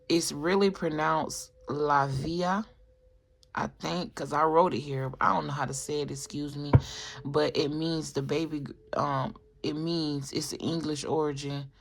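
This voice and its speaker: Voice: medium pitch, fairly even intonation, measured pace, creaky, a little hiss or hum. Rambling, chatty tarot reader. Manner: rambling, with restarts and filler asides; chatty, addresses viewers directly. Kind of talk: casual spoken tarot reading.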